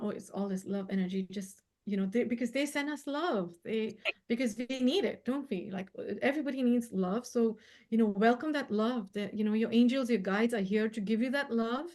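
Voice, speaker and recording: A woman appearing as a guest healer in a casual chat, speaking gently and warmly. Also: on the high side, a little fast.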